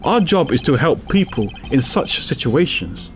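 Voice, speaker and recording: A man doing a calm, deep-voiced prosecutor mentor. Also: soft background music. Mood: calm lecturing. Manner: low, measured and lecturing. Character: composed older male prosecutor, calm mentor. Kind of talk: reading game dialogue aloud.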